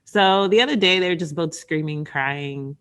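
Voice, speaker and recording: A woman with a fairly low speaking voice co-hosts a casual podcast about motherhood. She tells her stories with animation, acting out screams and quoting her kids and family. She sounds like a woman in her thirties, relaxed and conversational. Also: normal speed, clear, resonant tone. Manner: animated storytelling, acts out screams and quotes. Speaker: podcast co-host. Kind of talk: casual chat.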